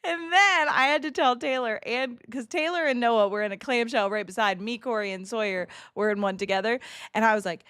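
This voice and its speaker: A woman livestreamer talks casually to her chat, telling lively stories with frequent laughter and the odd curse word. Her voice sits a little high, and the sound is close and dry with almost no room around it. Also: brisk, clear, resonant tone, no echo. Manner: chatty animated storytelling, frequent laughs and swearing. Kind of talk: casual chat with stream viewers. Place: home streaming setup.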